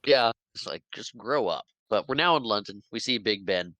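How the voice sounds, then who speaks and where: A podcast co-host casually recaps a movie, retelling its scenes with animation and acting out the characters' lines amid laughs. His voice is on the low side at a moderate pace, with no room sound and the highs cut off.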